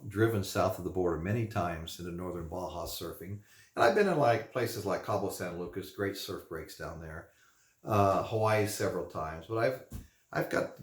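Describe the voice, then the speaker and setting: A man hosting a vinyl unboxing show, telling rambling stories with lots of fillers and chuckles. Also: low voice. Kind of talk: casual storytelling. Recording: echoey room.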